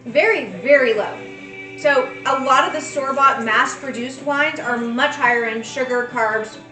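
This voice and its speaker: A woman in her forties co-hosts a relaxed chat, rambling happily and piling on fillers. Her voice sits high and comes from a little off the mic. The room is echoey, with faint music behind her. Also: a little slow, recorded from a distance. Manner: chatty, enthusiastic, rambling with fillers. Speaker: co-host. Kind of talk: casual chat.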